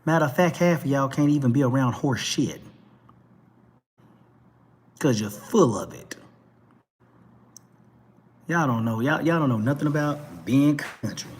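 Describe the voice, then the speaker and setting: A man with a Texas twang delivers a fired-up talk-show monologue, blunt and full of swearing, driving each point home again and again. His voice sits in a middle register with a husky, slightly rough grain. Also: mid-range voice, expressive, unhurried, long pauses, a little mellow. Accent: Texan twang. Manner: blunt, emphatic, profane, repeats points. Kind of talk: ranting commentary monologue.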